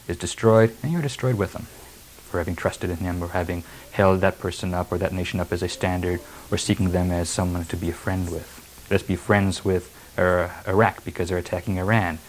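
Emphatic low-voiced preacher. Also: male voice, darkish tone, slight background noise, low-quality recording. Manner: emphatic, reads verses then paraphrases. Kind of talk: sermon expounding scripture.

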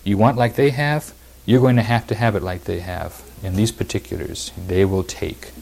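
A man's voice: on the low side, steady tone, moderate pace, vocal fry, darkish tone. A man preaching a verse-by-verse sermon, reading scripture aloud and explaining it with emphatic repetition.

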